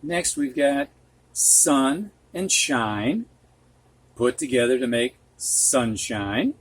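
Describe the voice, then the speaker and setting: A male reading teacher speaks at a slow, unhurried pace, saying each word carefully and repeating it. His voice is a little husky and recorded dry and close, with no room sound. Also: medium pitch, sing-song, no room sound. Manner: patient, reads words aloud slowly and repeats them. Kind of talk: slow spoken reading lesson.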